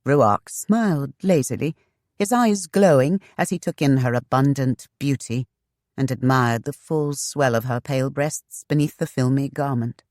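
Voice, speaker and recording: An audiobook narrator telling a historical romance in a measured, even way, mid-pitched. The recording is dry and close, with no room sound. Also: no echo. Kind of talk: scripted narration.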